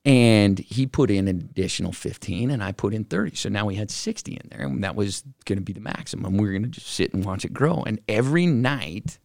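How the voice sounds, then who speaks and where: Middle-aged man, low and gravelly, casual animated storyteller who acts out the dialogue. Dry sound. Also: fairly quick, few pauses, dry recording. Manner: animated, acts out quoted voices, many fillers. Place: office.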